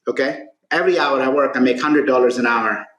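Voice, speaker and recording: A man's voice: medium pitch, brisk, a bit bright, roomy sound, lightly acted, low-quality recording. A man quoting an overworked, short-tempered father who answers his son impatiently, in a retold story. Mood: curt. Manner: impatient, defensive.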